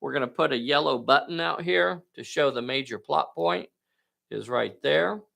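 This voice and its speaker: Game-master host, folksy and eager, slightly raised pitch with a gravelly edge. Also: male voice, normal speed, fairly bright tone. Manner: folksy and enthusiastic, talks to viewers directly. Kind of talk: live narration of a tabletop game.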